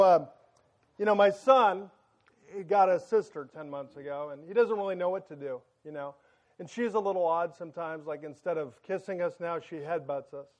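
A male pastor in his thirties preaches to a church congregation with a fairly high voice. He talks loud and excited, slipping into joking stories about his kids between points. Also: highs cut off. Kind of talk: sermon. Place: church sanctuary.

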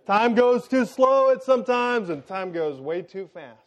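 A middle-aged man preaching a sermon, telling a funny, animated story and acting out the lines of the people in it. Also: high voice, measured pace. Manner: animated, jokey storytelling with acted-out quotes. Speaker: pastor.

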